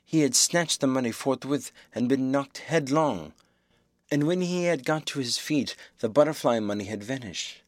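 A man reading a novel aloud as the audiobook narrator, in a measured, even way. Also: medium pitch, dry recording, studio quality. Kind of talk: scripted narration.

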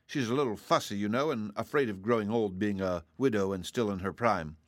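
In an audiobook reading, a man voices a young dragonette, sixty-six, proud and polite yet hungry, who drawls with formal courtesy while admitting it would gladly eat you. He pitches the rasping, haughty voice somewhat above his own low tone, lightly acted and fairly quick. The recording is dry and close, with no room sound.

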